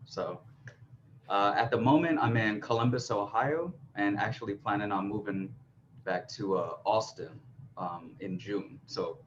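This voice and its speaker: A man's voice: fairly low pitch, measured pace, dull audio, a little hiss or hum. A friendly, easygoing man raised in Texas, chatting on a video call as a first-time participant. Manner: friendly, easygoing, says "y'all". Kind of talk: casual video-call chat.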